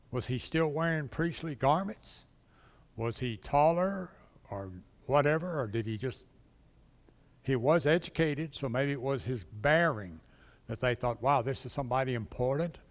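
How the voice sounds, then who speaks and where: A man teaching a casual Bible class, chatting and quizzing the class as he goes. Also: medium pitch. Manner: conversational, asks the class questions, acts out quotes. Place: church classroom. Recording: long hall reverb.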